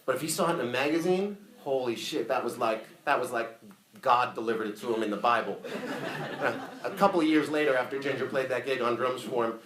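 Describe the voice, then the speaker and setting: A man giving a casual, profane, animated eulogy full of stories at a memorial. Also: mid-range voice, brisk, crowd noise. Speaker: eulogy speaker. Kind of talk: funeral eulogy storytelling. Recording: echoey room.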